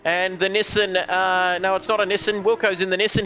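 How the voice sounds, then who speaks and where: A man's voice: sits high, level tone, brisk, few pauses, pushed and bright, clean tone. A man giving live commentary on a sim race, chatty and jokey, reading out viewer comments as he goes.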